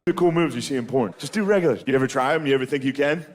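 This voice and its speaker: A man doing a crude, casual stand-up comedy set, calling the audience dude and jumping into loud, high character voices. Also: racing.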